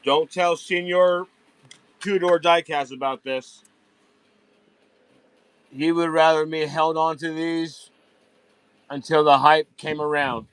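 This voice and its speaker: A man's voice: fairly high pitch, fairly even intonation, slow, long pauses, clean tone, no echo, poor audio. A man hosting a live online sale of diecast cars from a warehouse at night, chatting casually with viewers and hyping each pull. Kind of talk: casual live-stream sales chat.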